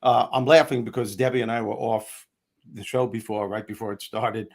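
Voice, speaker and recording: A man's voice: lowish voice, steady tone, moderate pace, creaky. A man hosting a motivational talk show, joking and teasing himself as he chats with the audience. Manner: joking, self-mocking, chatty.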